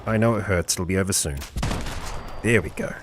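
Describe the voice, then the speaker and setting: A man's voice: sits low, a little fast, heavy background noise. A man streaming a game live, commentating and cheering on his companion.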